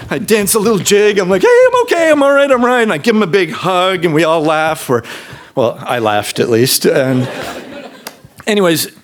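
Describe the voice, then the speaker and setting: A man in his fifties or sixties tells a true personal story on stage, into a microphone before a live audience. His delivery is casual, full of fillers and restarts. His pitch swings widely, leaping high when he acts out his own younger self. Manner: animated, jumps to a high excited voice when quoting himself. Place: stage in a public venue.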